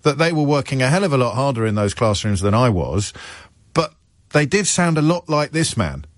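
A man in his fifties hosting a talk radio show, speaking in a wry, mocking, conversational way with frequent quick restarts. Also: medium pitch, very animated, dry recording, clean studio sound. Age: 50s.

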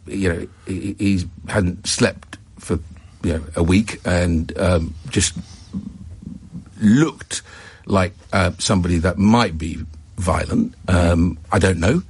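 A man giving a broadcast interview answer, hesitant and halting. His voice is low and husky, and the recording is dry. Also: no echo. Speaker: politician interviewee.

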